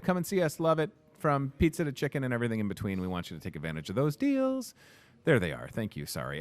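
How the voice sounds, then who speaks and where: A young man hosting a grocery store's daily video, energetic, jokey and rambling, recorded in the store. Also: on the high side, no room sound. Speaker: host.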